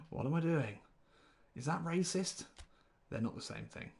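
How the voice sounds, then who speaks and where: Chatty game streamer. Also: male voice, a little high, animated, moderate pace, creaky, a little mellow. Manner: chatty, rambling, thinks aloud and greets chat viewers. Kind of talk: live-stream gameplay commentary.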